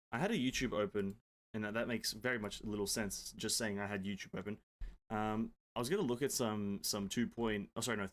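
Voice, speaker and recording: Guy on a game stream at his desk, chatty, reads out chat, jokey and swears a bit. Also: on the low side. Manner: chatty, reads out and answers viewer comments. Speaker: gaming streamer. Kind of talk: casual live-stream chat. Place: home desk setup.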